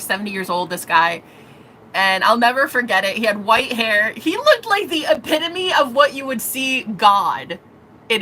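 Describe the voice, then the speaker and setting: A woman tells a rambling, emotional story for her vlog, swearing freely as she goes. Her voice is bright and tense and sits a little high. A faint hiss runs under the recording. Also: poor audio. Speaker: vlogger.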